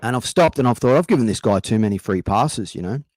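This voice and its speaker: A man's voice: lowish voice, animated, fast, a little mellow, no echo. A young adult Australian man doing a rambling, swearing stand-up set over a livestream. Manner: swearing, rambling, conversational storytelling. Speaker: stand-up comedian.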